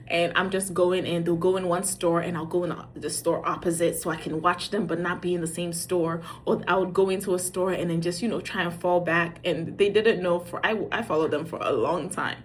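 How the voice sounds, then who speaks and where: A middle-aged woman telling a funny parenting story in a casual, animated way. She acts out the dialogue and pokes fun at herself. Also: lowish voice, slight background noise. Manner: animated, acts out quoted dialogue, self-mocking. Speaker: parent sharing dating advice.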